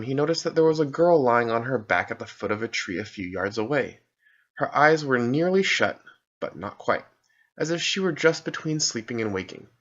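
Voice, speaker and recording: A man reading a children's novel aloud as an audiobook narrator, calm and soft-spoken. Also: mid-range voice. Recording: dull lo-fi recording.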